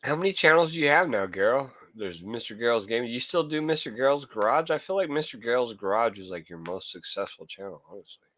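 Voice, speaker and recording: A man's voice: mid-range voice, lively intonation, a little fast, fairly bright tone, no echo. A man from California, hosting a casual late-night livestream and chatting loosely with viewers, joking and swearing freely as he talks to them by name. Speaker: livestream host, collector.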